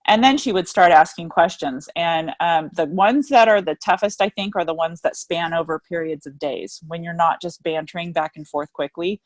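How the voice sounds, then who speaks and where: A woman with a somewhat low voice talks through her experience on a team training call. Her delivery is earnest and conversational, with frequent "you know" asides. The call audio is dry, with no room sound. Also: a little fast, hardly any pauses, no echo. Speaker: guest team leader sharing sales experience.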